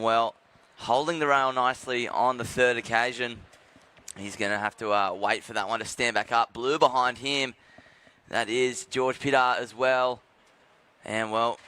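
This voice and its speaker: Bright, smooth surf commentator. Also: male voice, medium pitch. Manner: jokey, self-deprecating, relaxed. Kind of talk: live sports commentary.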